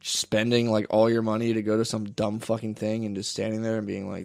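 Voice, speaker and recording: A man co-hosting a podcast in casual chat, telling animated stories, acting out quotes and swearing freely. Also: lowish voice, brisk, gravelly. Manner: animated storyteller who acts out quotes; frequent swearing and "dude". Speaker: podcast co-host.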